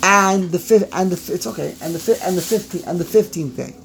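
A man giving an animated Torah class, repeating phrases and mixing in Hebrew and Yiddish words. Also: high voice, brisk, creaky, slight background noise. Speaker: rabbi teaching. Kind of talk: Torah class on the Passover Haggadah.

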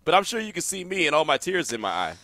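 Bright-voiced radio host man. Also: fairly high pitch, fast talker, no room sound, studio quality. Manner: lively, storytelling, talks through a tickle in his throat. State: throat tickle, watery eyes. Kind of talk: sports talk radio. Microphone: studio mic.

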